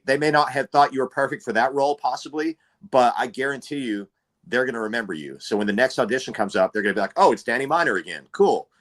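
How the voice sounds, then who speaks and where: A man's voice: medium pitch, a bit bright. Upbeat encouraging male host. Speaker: host, actor. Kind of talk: casual chat.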